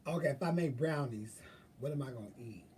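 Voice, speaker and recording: A man in a casual rambling monologue, thinking aloud in a chatty, profane, animated way. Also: medium pitch, brisk, distant mic, a little hiss or hum. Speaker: vlogger.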